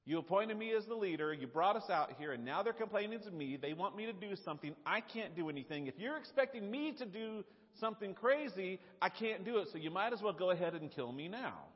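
A whiny, exasperated leader pleads and protests in a high, swooping voice, as a preacher puts him on. The voice is husky, with a long hall echo behind it and a dull, lo-fi sound. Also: male voice, animated, fairly quick, hardly any pauses. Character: exasperated, whiny male leader complaining to God.

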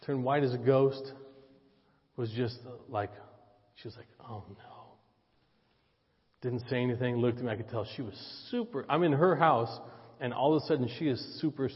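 A man preaching a sermon, telling a personal story, joking with the congregation and switching between loud emphasis and quiet asides. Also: mid-range voice, moderate pace. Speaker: pastor. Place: church sanctuary. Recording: dull church audio with long reverb.

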